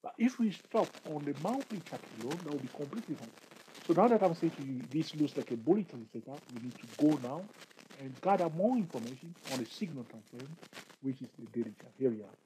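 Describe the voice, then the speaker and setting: A man teaching chart trading in a halting, explanatory way, pointing things out on the chart as he talks. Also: fairly high pitch, lively intonation, dark tone, slight background noise, poor audio. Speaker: trading tutor. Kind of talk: screen-share chart tutorial.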